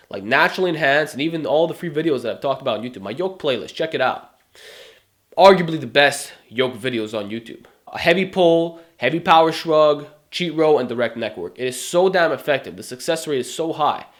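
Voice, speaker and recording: A man giving a motivational fitness monologue to camera, emphatic and full of rhetorical questions. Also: medium pitch. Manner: emphatic, rhetorical questions, mocking put-on whines. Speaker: fitness YouTuber.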